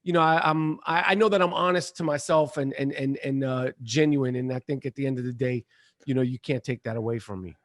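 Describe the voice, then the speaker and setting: A middle-aged man, an actor and comedian, chatting as a podcast guest in a profane, emphatic, animated way. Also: medium pitch, brisk. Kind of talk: casual podcast chat.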